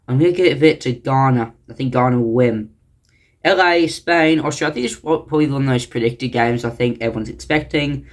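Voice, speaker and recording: A man giving casual football predictions to camera, chatty and thinking out loud with hesitant restarts. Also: medium pitch. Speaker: channel host.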